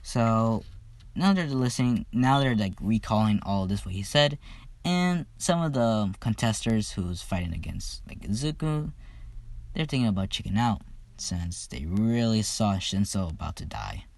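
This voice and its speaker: A man's voice: fairly low pitch, expressive, measured pace, dry recording. A man casually retelling a fan story, rambling and profane, with loose fillers.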